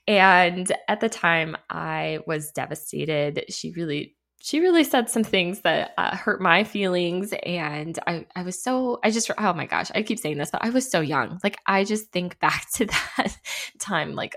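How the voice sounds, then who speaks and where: A woman's voice: fairly low pitch, expressive, slow pace, a bit bright. Chatty, self-deprecating woman behavior analyst. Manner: chatty, self-deprecating, laughs while talking. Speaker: podcast host and behavior analyst. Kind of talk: candid storytelling monologue.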